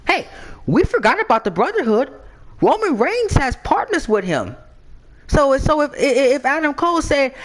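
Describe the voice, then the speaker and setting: An excitable man recapping a wrestling game season on his channel. He stammers, repeats words and fills gaps with "you know". His talk speeds up and slows down as he works through his thoughts. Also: very high voice. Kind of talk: casual recap vlog.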